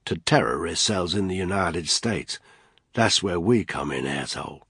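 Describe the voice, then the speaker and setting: A man voicing a menacing soldier, low and husky. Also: lively intonation, moderate pace, dry recording, studio quality, heavily acted. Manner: menacing, mocking, quietly threatening. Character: ruthless male special forces soldier interrogating a captive.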